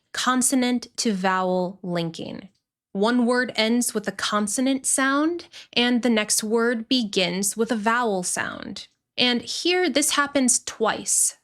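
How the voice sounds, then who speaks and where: A woman teaching English pronunciation, explaining clearly and repeating words deliberately. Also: on the high side, fairly bright tone. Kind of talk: pronunciation lesson.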